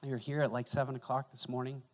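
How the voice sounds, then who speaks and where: A male pastor giving an animated, conversational sermon in a church, joking with the congregation. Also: medium pitch, fast. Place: church sanctuary. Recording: echoey church hall.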